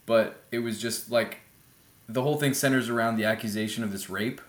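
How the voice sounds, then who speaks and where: A man chatting as a podcast guest about films, ranting in an animated, opinionated way into a laptop mic. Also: medium pitch, brisk, echoey room. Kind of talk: casual film chat. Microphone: laptop built-in mic.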